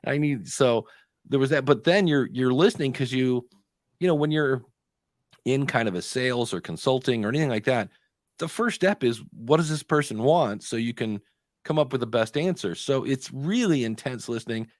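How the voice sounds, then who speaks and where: A man co-hosting a podcast live stream, telling stories in a chatty way and often pausing to hunt for the next word. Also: mid-range voice, animated, no room sound, clean studio sound. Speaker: podcast co-host. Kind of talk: casual chat on a live stream.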